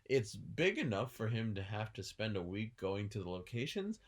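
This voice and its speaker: A man co-hosts a podcast in casual chat, cracking jokes and slipping into silly voices for his bits. His voice is on the low side, sing-song, at a moderate pace.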